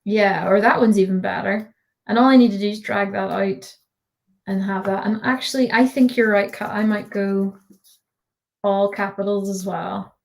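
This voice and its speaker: Give me a chatty woman walking viewers through a design tutorial on a video call, her voice at an ordinary middle pitch. She keeps up a giggly, filler-heavy patter as she works. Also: fairly even intonation, moderate pace, vocal fry. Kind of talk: live online design tutorial.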